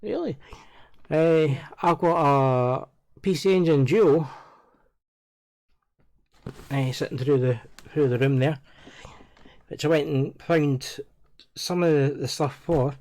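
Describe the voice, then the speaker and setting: Teasing Scottish man, slightly high voice. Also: slow, pauses often, darkish tone. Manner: teasing, playful banter. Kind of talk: casual chat.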